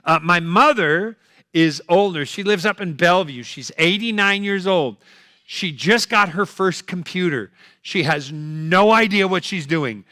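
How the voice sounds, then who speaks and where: A man's voice: high-pitched, animated, a little slow, bright, forceful tone, no echo, studio quality. An older man doing a stand-up comedy set, punchy, chatty and full of jokes.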